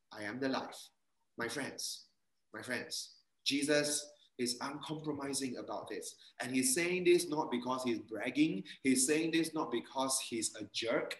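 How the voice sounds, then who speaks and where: Bright-voiced preacher. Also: male voice, medium pitch, echoey room, rough recording. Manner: asks the congregation questions and reads their answers aloud. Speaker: pastor. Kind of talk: interactive sermon with online quiz.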